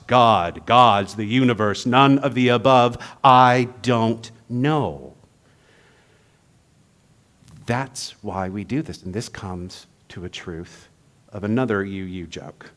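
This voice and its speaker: A man giving a humorous sermon, telling jokes in a playful, storytelling manner. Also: medium pitch. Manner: playful, joke-telling, then reflective.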